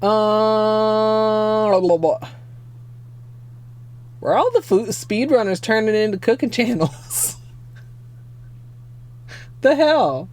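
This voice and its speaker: A young adult woman streamer chatting casually at home, excitable and given to swearing, teary-eyed and sniffling. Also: mid-range voice, slow pace, pauses often. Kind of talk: casual livestream chat.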